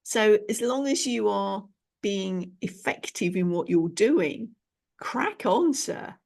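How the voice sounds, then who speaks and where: A British woman hosting a podcast interview as a speaking coach, talking in an encouraging, expressive way. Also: mid-range voice, slow, gravelly. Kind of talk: conversational interview.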